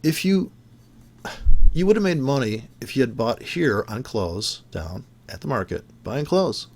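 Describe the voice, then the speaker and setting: Angry swearing trading ranter, lively pitch. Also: male voice, a little slow. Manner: angry, sarcastic, swearing, jumps between shouts and mutters. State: just woke up irritated. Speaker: forex trading vlogger. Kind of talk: profane ranting commentary over charts.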